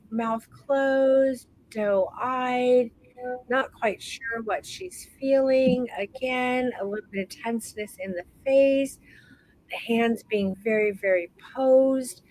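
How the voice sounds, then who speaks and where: A woman hosting a live online photography class, talking warmly and encouragingly to her students, calling them "baby" and stretching out words for emphasis. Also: on the high side, dry recording, poor audio. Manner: warm encouraging, calls people baby. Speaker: photography course instructor.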